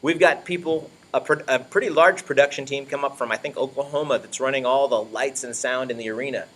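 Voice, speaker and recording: A man's voice: medium pitch, brisk, fairly bright tone. A man leading church volunteers in an informal, upbeat talk, often checking in with "all right?". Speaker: children's ministry leader.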